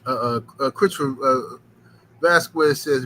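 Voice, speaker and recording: A man's voice: fairly high pitch, normal speed, bright, forceful tone, slight background noise, low-quality recording. A man hosting a boxing livestream, rambling in slangy casual chat and filling it with "you know what I'm saying.".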